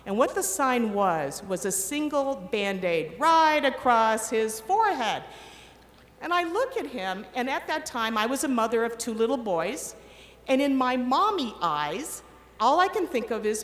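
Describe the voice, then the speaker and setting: A middle-aged woman giving a commencement speech, telling an animated story and acting out the quoted voices. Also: high voice. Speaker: commencement speaker. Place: large ceremony hall. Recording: echoey hall with long reverb, faint ambience.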